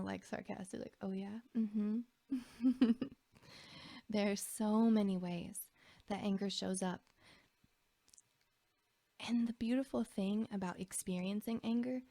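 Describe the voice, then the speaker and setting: A woman leads a slow, gentle guided reflection on feelings in the body. Her voice is mellow with a gravelly edge, and she often sinks to a soft whisper. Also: medium pitch, no room sound. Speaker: emotional wellness teacher.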